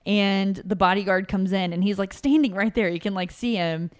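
A woman's voice: medium pitch, normal speed. A woman hosting a podcast, chatting casually and animatedly with lots of filler words. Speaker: podcast host. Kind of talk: casual chat.

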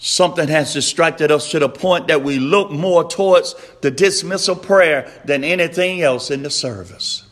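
A man preaching a sermon, slow and emphatic, repeating his refrains and rising to shouts. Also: a little high.

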